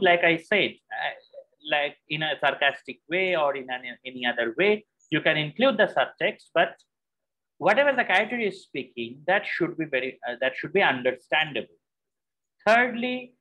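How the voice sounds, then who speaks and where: A man's voice: on the high side, sharp tone, low-quality recording. A man teaching a screenwriting class, explaining step by step and often checking in with "okay?" and "right?" as he restarts and repeats phrases. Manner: repeats and restarts phrases while thinking aloud. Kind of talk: classroom lecture.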